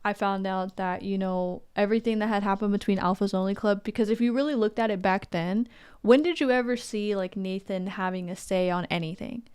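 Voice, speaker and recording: A woman's voice: medium pitch, steady tone, fairly quick, a little mellow, smooth. A woman speaking as a guest on a casual podcast, candid and opinionated, laughing often.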